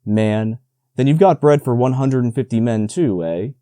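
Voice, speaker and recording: A man playing a greedy young soldier, hoarse and gleeful. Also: mid-range voice, lively intonation, moderate pace, mellow, no echo, natural voice. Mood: scheming.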